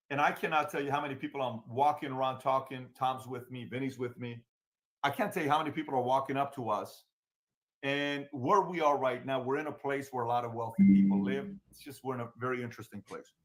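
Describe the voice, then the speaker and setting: A mid-range, somewhat bright male voice comes from a Middle Eastern show host with a Middle Eastern accent. He hosts an informal political talk show, repeating his points with emphasis.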